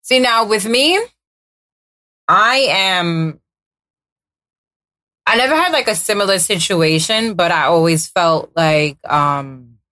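A woman's voice: lowish voice, expressive, slow, pauses often, bright, forceful tone. A woman guest on a podcast, speaking frankly and supportively in casual chat.

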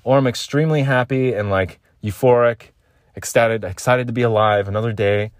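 A man's voice: medium pitch, normal speed, no room sound, studio quality. A man hosting a solo podcast, ranting emphatically and swearing freely. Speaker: podcast host.

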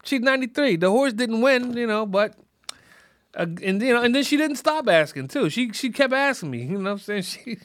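Man, high voice, rambling podcast monologue, restarts a lot, dry close sound. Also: animated, brisk, a bit bright, no echo. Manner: rambling, full of "you know" and restarts. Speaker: podcast host. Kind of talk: casual, reflective monologue.

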